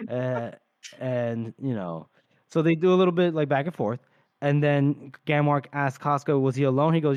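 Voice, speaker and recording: A man's voice: mid-range voice, expressive, normal speed, smooth, no echo. A man co-hosting a casual podcast about a book, retelling scenes and acting out the characters' lines. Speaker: podcast co-host.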